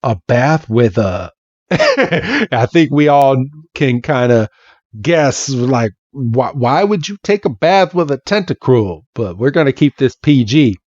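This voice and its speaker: A male podcast host chatting casually about a comic, unhurried and amused. His pitch moves a lot as he tells the story. The sound is dry and a bit dull. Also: no room sound. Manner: amused, relaxed storytelling with many "and he's like". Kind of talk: casual chat recapping a comic.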